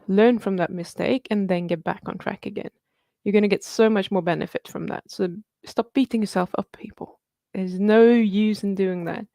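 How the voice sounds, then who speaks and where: A woman's voice: medium pitch, vocal fry, a little mellow, no room sound, clean studio sound. A woman in her thirties hosting a casual live Q&A, chatty and upbeat, laughing often and swearing casually. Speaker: livestream host answering viewer questions.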